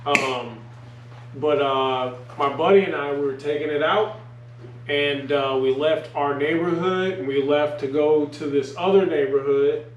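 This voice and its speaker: A man's voice: fairly high pitch, unhurried, dull audio. A man telling a rambling, profanity-laced story in casual podcast chat, full of fillers, recorded in a roomy space away from the mic. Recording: roomy, distant mic, faint noise.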